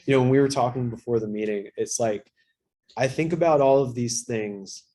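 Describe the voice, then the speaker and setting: A man in his thirties talks candidly at a recovery workshop in a mid-pitched voice. He is casual and self-deprecating. He swears freely and leans on fillers as he goes. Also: moderate pace, warm tone. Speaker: workshop speaker.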